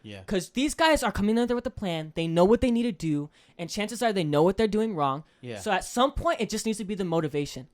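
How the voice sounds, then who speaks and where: Animated, profane young podcast co-host. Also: male voice, high voice, quick pace, few pauses. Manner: animated, swears freely, acts out coaches' speeches in a loud voice. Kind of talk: casual podcast chat.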